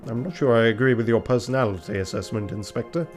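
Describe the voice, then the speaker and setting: A man's voice: mid-range voice, fast talker, faint music behind, close to an everyday voice. A man voicing a fussy, polite male rooster lawyer with a prim, formal delivery.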